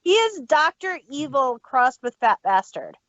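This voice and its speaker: A woman's voice: sits high, big pitch swings, a little slow, no echo. A woman co-hosting a casual review chat, throwing in joking quips. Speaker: podcast co-host. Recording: dull dry lo-fi sound.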